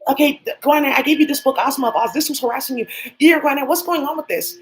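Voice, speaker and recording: A woman whose voice sits high hosts her own channel, rattling through a fast, swear-filled, improvised monologue aimed at people who aren't there. The recording quality is low.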